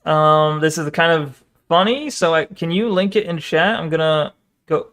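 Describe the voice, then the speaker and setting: A man's voice: on the high side, moderate pace, a bit bright. A man streaming live, reacting to a video with sarcastic, mocking commentary and frequent laughter.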